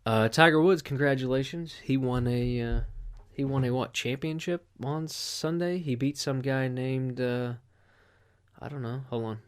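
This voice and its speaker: A man's voice: mid-range voice, unhurried, smooth. Rambling, foul-mouthed male podcast host. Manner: rambling, profane storytelling with many fillers. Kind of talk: casual solo podcast monologue.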